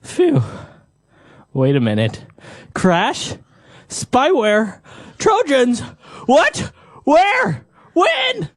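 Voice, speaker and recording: A woman voicing a panicky, confused man calling tech support, with frantic, high-pitched yelps, in a scripted comic dialogue. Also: huge pitch swings, very slow, pauses often, no echo, clean studio sound, heavily acted.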